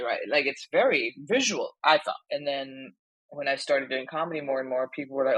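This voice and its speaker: Brief: comedian woman, animated storyteller, close dry mic. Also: very deep voice, brisk, dry recording, rough recording. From Germany. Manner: animated storyteller, quotes herself often. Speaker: stand-up comedian, guest. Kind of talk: casual podcast chat.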